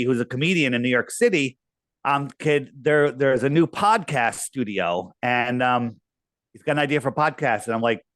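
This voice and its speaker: A man's voice: medium pitch, a bit bright, no echo. A man being interviewed, talking casually and telling a long, rambling story with quoted asides. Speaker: podcast guest.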